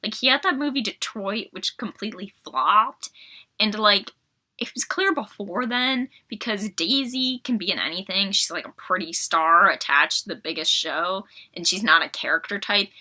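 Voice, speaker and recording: Young female podcast host, bright and sharp, sarcastic and fed-up casual rant, slightly sick. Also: medium pitch, moderate pace. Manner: exasperated, sarcastic, animated. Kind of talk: casual film review rant.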